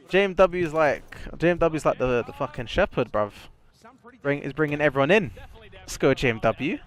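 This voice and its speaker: A young man, chatting casually and excitably as he hosts a live-stream watch party, full of slang and boasting. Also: fairly high pitch, normal speed.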